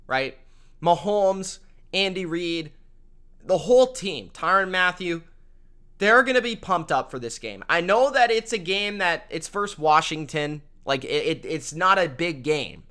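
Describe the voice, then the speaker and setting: A young man hosting a casual sports picks show, excitable and repeating himself for emphasis. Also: sits high, clear, resonant tone. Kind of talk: casual sports prediction talk.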